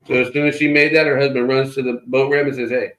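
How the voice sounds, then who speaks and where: A man's voice: mid-range voice, flat delivery, fast, a bit bright. A man co-hosting a casual morning chat show, opinionated and telling stories with frequent restarts. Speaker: co-host. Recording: roomy echo.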